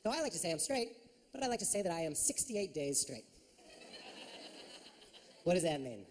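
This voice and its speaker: A man's voice: fairly high pitch, sing-song, moderate pace. A man performing a stand-up routine on a club stage, telling a story with big swings in his voice. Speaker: stand-up comedian. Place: comedy club stage before a live audience. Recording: reverberant club hall with audience noise.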